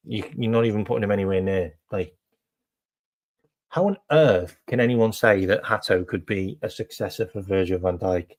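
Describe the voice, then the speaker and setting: A man's voice: fairly low pitch, a little mellow. A man hosting a casual live stream, chatting to viewers with lots of ums and repeated phrases.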